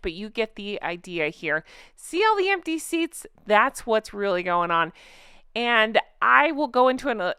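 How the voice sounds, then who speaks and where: A woman's voice: medium pitch, pushed and bright, clean tone, dry recording, studio quality. A woman hosting her own channel in casual chat, reading out online comments and reacting with sarcasm and frequent laughter. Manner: chatty and sarcastic, laughs often.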